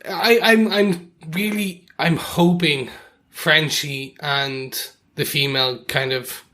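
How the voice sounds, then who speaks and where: A man's voice: fairly high pitch, steady tone, slow, bright, forceful tone. A man with a British accent co-hosting a podcast, reading listener feedback aloud and chatting casually. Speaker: podcast co-host. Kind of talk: casual chat.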